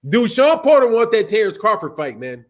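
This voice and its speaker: A man's voice: sits high, sing-song, brisk. A man hosting a boxing livestream, talking loosely and profanely, laughing often and reading out super chats. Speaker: boxing channel host. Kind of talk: casual livestream talk.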